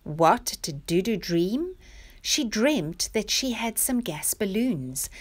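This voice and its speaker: A woman reading a picture-book story aloud to young children, with a lively, expressive delivery. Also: medium pitch, takes it slowly.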